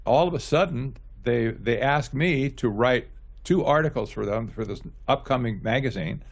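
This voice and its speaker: Halting man with a gravelly voice. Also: medium pitch. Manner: halting, repeats words, laughs lightly. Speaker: guest author. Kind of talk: casual interview chat.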